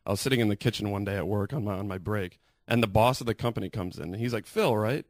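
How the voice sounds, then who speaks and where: Deadpan young man doing stand-up. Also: fairly low pitch, quick pace, no echo, clean studio sound. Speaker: stand-up comedian. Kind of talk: stand-up set on live radio. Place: radio studio.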